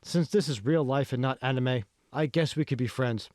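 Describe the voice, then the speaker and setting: A man's voice: mid-range voice, normal speed, darkish tone, no echo, clean studio sound, lightly acted. A man voicing a friendly, tomboyish young woman with a chatty, upbeat manner.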